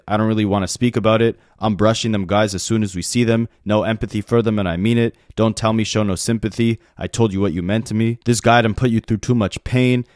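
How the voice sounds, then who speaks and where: A man's voice: fairly low pitch, no room sound, studio quality. A man giving a casual, opinionated album review in a conversational way with lots of fillers. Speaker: music reviewer.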